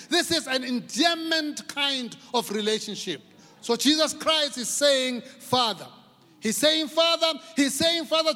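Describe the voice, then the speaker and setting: High-voiced South African pastor preaching. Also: male voice. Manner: repetitive, rising to shouts for emphasis. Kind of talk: impassioned sermon. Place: large church hall. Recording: long reverb of a large church hall.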